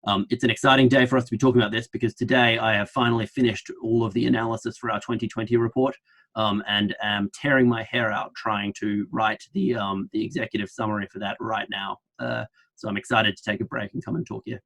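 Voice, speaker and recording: A man's voice: on the low side, level tone, quick pace, a bit bright. A man with an Australian accent giving an online lecture in a flippant, joking way.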